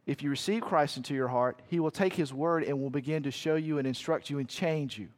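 Pastor, male, fairly high voice, emphatic sermon delivery that builds to loud peaks. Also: brisk.

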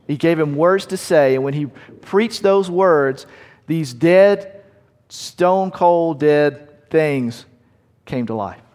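A man preaches a sermon in a church sanctuary, his voice sitting a little high for a man. He slows down to lean on key words and lets his lines sink to a hush. Long reverb trails after each phrase. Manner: slows down to stress key words, drops to quiet at line ends. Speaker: pastor.

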